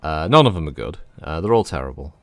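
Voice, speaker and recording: A low-pitched man chats his way through a game stream, meandering from thought to thought and swearing freely. His voice sits close and dry on the mic, with no room around it. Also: very animated, fast, a bit bright, no echo, soft background music. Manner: rambling, chatty, swears freely. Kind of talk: casual gameplay commentary.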